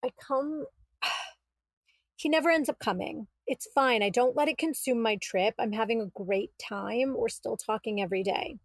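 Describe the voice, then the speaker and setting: A woman, a podcast guest, telling her story in a casual, animated way and acting out what was said. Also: on the high side, unhurried, no room sound. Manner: animated, quotes herself and others, exasperated retelling.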